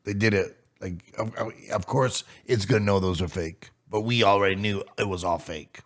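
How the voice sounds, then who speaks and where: A man with a fairly low voice chatting on a podcast. He rambles, backing up and restarting his thoughts as he goes. The tone is loose and conversational. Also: normal speed. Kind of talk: casual comedic chat.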